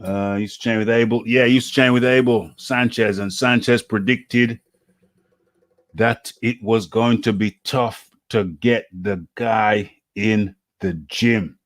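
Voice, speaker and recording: A man's voice: on the low side, fairly even intonation, unhurried. A man hosting a live boxing chat show, talking casually and repeating his phrases. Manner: repeats phrases, laughs easily. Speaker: podcast host.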